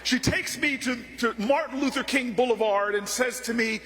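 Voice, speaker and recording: A man's voice: extremely high pitch, normal speed, hardly any pauses, a bit bright. A man giving an impassioned speech at an event, telling stories with rhythmic repetition. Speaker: political speaker. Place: large event hall. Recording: long hall reverb.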